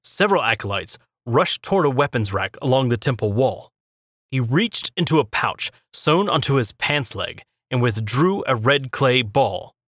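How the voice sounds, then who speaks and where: Bright, dry-voiced male narrator. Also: medium pitch, dry recording. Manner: steady, measured reading. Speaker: audiobook narrator. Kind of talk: scripted fantasy narration.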